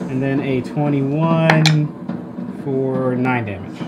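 A man playing a tabletop role-playing game in casual chat, animated and quick to laugh. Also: medium pitch, lo-fi sound, heavy background noise. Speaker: player.

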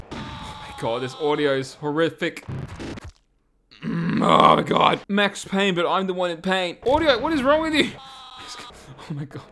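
A young man giving loud, exaggerated let's play commentary, swearing and laughing as he plays. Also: fairly high pitch, a little hiss or hum. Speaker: gamer playing a game.

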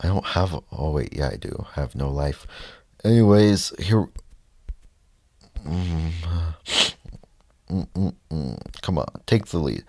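A man giving casual gameplay commentary, reacting loudly to the race and muttering frustrated asides. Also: very deep voice, expressive, takes it slowly, pauses often. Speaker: let's play gamer.

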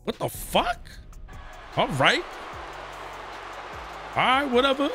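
A young gaming streamer with a very high-pitched voice speaks slowly, his pitch swinging wildly, over music and video game audio. He casually comments on his gameplay, trash-talking and cursing at the screen.

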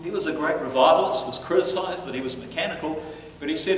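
Male pastor, storytelling sermon, fairly high voice, big echoey church hall, mic far off. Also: quick pace. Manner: animated storyteller, chuckles between lines.

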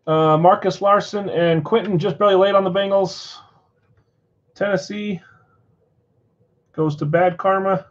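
A man's voice: sits high, steady tone, unhurried, long pauses, highs cut off. A man at a card shop running a live card break, steadily rattling off names and teams.

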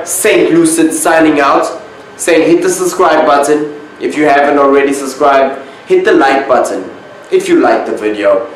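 Male spiritual host, unhurried monologue, emphatic repeats, boomy room with faint background hiss. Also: heavy reverb, rough recording. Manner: slow, drawn-out, repeats key words for emphasis.

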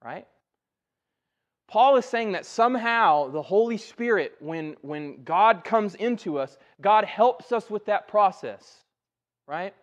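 A man's voice: high voice, expressive, slow, dull audio. A male pastor giving a sermon in a church, talking conversationally and often checking in with "right?". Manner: conversational, keeps asking "right?". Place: church sanctuary.

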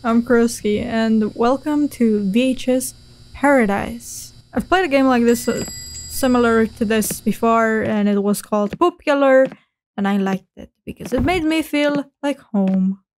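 A woman hosting a video game playthrough, chatting casually with crude jokes and sudden loud outbursts. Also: on the high side, unhurried, a little hiss or hum. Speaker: gaming video host. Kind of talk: casual let's play commentary.

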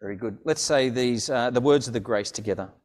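A man leading an online church service, speaking in a slow, earnest pastoral way from a church. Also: mid-range voice, a little mellow.

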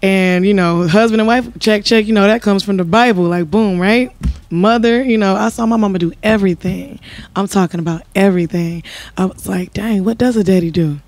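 A woman guest on a podcast, telling stories in a lively, casual way and acting out what people said. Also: mid-range voice, brisk, no echo. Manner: animated storyteller, acts out quotes.

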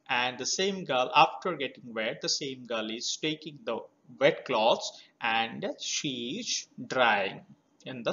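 A man teaching a children's poem, explaining words slowly and spelling them out letter by letter. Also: mid-range voice, bright, forceful tone. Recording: slightly dull lo-fi recording.

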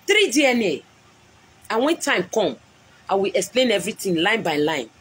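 A woman's voice: mid-range voice, sing-song, normal speed, a bit bright, husky. A woman with a Nigerian accent, a prophetess speaking on a live stream in an impassioned way, repeating lines for emphasis. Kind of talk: emotional live-stream address.

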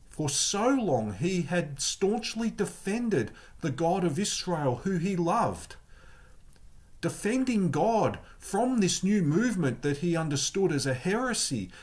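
A man preaching an online church sermon, earnest and emphatic, building his points through repeated phrases. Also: fairly high pitch. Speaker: Salvation Army pastor.

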